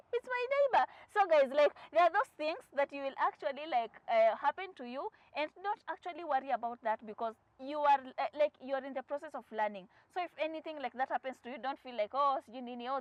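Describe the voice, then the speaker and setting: A young Kenyan woman chats to her viewers in a bright, slightly raised voice, mixing English with Swahili and acting out the people in her stories. The sound is dry and close, with no room around it, and a little muffled. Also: a little high, no echo. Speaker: vlogger. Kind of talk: casual storytelling to camera.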